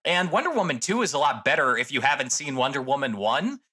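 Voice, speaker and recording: A man's voice: mid-range voice, lively intonation, fast talker, sharp tone, husky. A young man co-hosting a podcast in casual chat, swearing freely and restarting his sentences often. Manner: profane, rambling, with many restarts. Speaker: podcast co-host.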